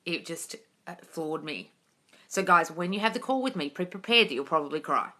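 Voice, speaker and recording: A woman's voice: deep voice, animated, normal speed, bright, forceful tone. A woman, chatting bluntly and swearing freely while she answers viewers on a home livestream. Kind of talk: casual live-stream chat. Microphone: phone mic.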